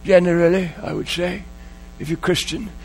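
A man's voice: high voice, steady tone, normal speed, vocal fry, a little mellow, husky. A man preaching a sermon, telling a story in an emotional way and repeating key phrases. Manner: emotional, repetitive, dwells on phrases.

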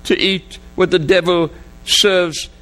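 Man doing an anguished father praying through tears, high voice, pleading, repeating himself. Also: a little slow, darkish tone, slightly rough, exaggerated voice, low-quality recording. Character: weeping preacher father begging God, grown man.

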